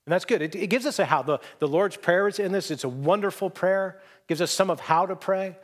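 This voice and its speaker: A man preaching with a slightly raised pitch, chatty and self-deprecating. He tells stories in a conversational sermon and slips into hushed voices when he quotes people. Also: a little fast. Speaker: pastor.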